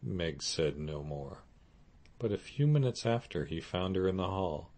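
A man narrating a classic novel as an audiobook in a steady, measured way. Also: low voice. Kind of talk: scripted narration.

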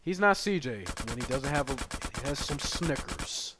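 A man streaming a game live, chatting with viewers and bursting into loud excited yells. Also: medium pitch, normal speed, music in the background. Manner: excitable, bursts into loud yelling, banters with chat. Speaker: gaming streamer. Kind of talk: live gameplay commentary.

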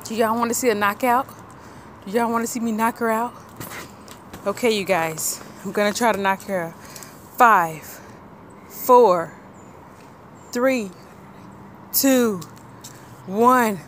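A woman's voice: a little high, slow pace, long pauses, slight background noise. A mother filming her child outdoors for a family vlog, teasing and talking playfully to her viewers. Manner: animated, teasing, talks to viewers. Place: outdoors near woods.

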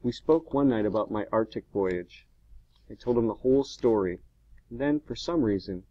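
A man reading a novel aloud in steady audiobook narration. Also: fairly low pitch, moderate pace, no room sound, lo-fi sound.

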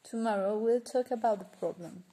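A woman's voice: fairly high pitch, moderate pace, warm tone, breathy edge, pitched above the performer's own voice. A woman reading the lines of a loyal male nobleman in a storybook. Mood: urgent.

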